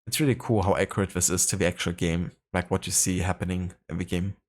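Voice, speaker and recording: A man's voice: low-pitched, flat delivery, fast. A man streaming a game live, chatting casually and reading in-game entries aloud with lots of fillers. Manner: rambling, many fillers, reads codex entries aloud.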